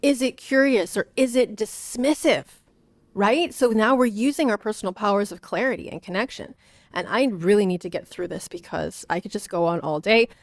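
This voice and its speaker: A woman's voice: moderate pace, no room sound, studio quality. A woman in her thirties, a host talking casually, full of "like" and "you know", lifting her voice when she quotes others. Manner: chatty, many fillers like "like" and "you know"; acts out quoted parents with raised pitch. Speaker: podcast host and parenting coach. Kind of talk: casual teaching monologue.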